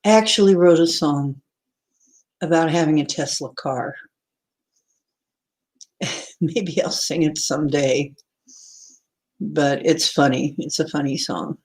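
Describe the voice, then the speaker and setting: Woman, live-stream host, unhurried delivery, chatty and rambling, greets viewers. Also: low-pitched, darkish tone. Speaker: livestream host. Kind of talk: casual live-stream chat.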